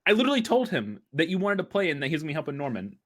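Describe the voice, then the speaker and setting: Male gamer, quick and animated, casual storytelling banter. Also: on the high side, slight background noise. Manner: fast storytelling with laughs. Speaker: fellow player. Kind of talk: casual gaming chat.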